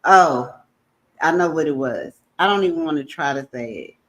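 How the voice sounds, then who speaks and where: A woman's voice: low-pitched, lively intonation, normal speed. A woman co-hosting a casual live chat, laughing often at herself. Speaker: livestream co-host.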